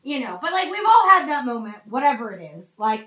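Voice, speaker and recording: A woman teaching a casual Bible study, chatty and animated, acting out quotes from the text. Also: sits high, a little fast, echoey room, poor audio.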